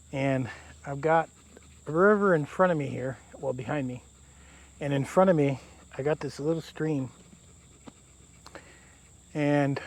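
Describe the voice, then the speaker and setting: A man vlogging casually to camera while camping in damp woods by a river, talking in an easygoing, rambling way. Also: a little high. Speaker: outdoor vlogger. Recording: faint outdoor insect noise. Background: crickets and insects.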